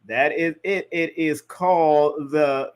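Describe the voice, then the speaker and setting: A middle-aged male host chatting casually over a video call. His voice sits a little high for a man, and he talks in an animated, jokey way. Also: slow pace, clear, resonant tone. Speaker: show host. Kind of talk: casual interview chat.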